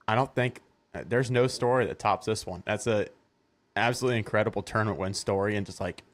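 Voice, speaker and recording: Low-voiced man hosting a podcast. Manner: enthusiastic, congratulating. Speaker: podcast host. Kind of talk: casual interview chat.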